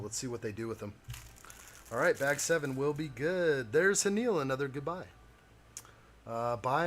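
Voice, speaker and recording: A man's voice: mid-range voice, a bit bright, a little hiss or hum. Chatty man live-streaming a build. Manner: chatty, talks to viewers while building, chuckles. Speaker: live-stream host building a model kit. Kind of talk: casual live-stream chat.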